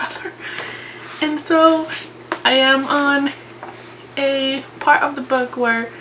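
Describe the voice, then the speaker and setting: Casting: woman vlogger, slightly high voice, slow unhurried chat, faint room noise. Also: a bit bright, poor audio. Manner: chatty and emotional, slow deliberate delivery. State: tearful, crying. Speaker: book vlogger. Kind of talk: casual reading vlog.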